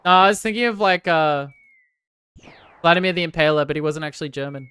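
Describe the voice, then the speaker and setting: A woman's voice: low voice, a little fast, clean tone, dry recording. A young Australian woman streamer from Victoria, chatting casually and sarcastically with her viewers. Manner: joking, sarcastic, loud bursts of protest. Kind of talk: casual live-stream chat reading viewer comments.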